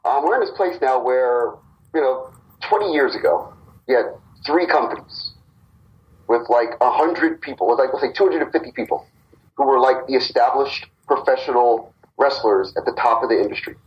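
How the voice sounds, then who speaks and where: A man's voice: medium pitch, moderate pace, highs cut off. A man co-founder of a wrestling company, casually telling a long story on a podcast and acting out the quotes.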